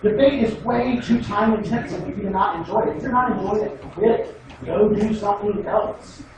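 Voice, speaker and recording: A high-voiced man lectures casually on debate at normal speed, dry and sarcastic, now and then imitating students in mocking voices. It's recorded from a distance in an echoey, noisy room.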